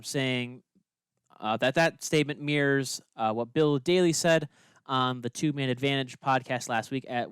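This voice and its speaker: A man's voice: mid-range voice, clean tone, dry recording, clean studio sound. A young man hosting a podcast, reading news with many fillers and getting exasperated at his co-host. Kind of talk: casual news-reading chat.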